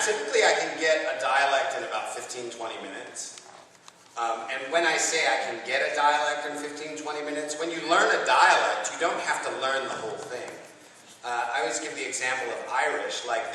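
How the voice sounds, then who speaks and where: A man from Texas answers questions at a convention panel. His voice is bright and lively, and he laughs easily between stories. He is recorded from far off in a big echoey hall with a faint hiss. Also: mid-range voice. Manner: chatty, laughs often, animated storytelling. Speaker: voice actor and panel guest.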